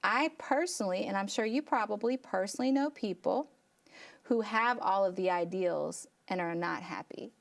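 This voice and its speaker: A woman's voice: medium pitch, normal speed, vocal fry. A woman hosting a faith-based interview, affirming her guest and asking long, layered questions. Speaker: host.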